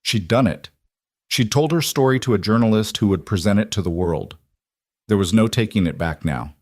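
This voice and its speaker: A man giving scripted narration of a story, even and unhurried. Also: lowish voice, no room sound, studio quality.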